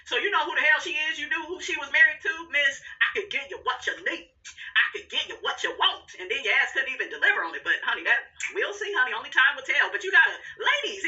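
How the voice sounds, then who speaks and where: A woman commenting on a reality show in a sassy, animated gossip style, laughing often and calling listeners "honey.". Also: sits high, recorded from a distance, muffled recording.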